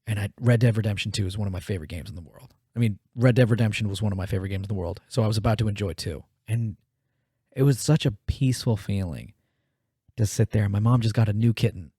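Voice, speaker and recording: Profane, animated man telling stories. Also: lowish voice, fast, husky, no room sound, studio quality. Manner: profane, animated storyteller acting out quotes. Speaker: podcast co-host. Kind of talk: casual chat, storytelling.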